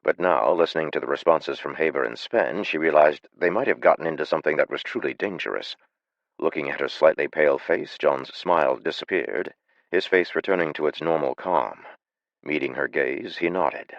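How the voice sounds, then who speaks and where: A man narrating an audiobook in a measured, even storytelling manner. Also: a bass voice, creaky, no room sound, dull audio.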